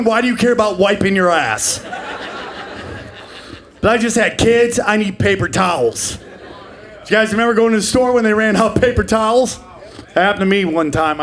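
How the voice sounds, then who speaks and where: A man in his forties works a live stand-up set with a brash, profane delivery, jumping into quick character bits. His voice sits high for a man. A handheld stage mic catches him over a faint hum of room noise. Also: fairly bright tone. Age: 40s. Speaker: stand-up comedian. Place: live comedy club stage.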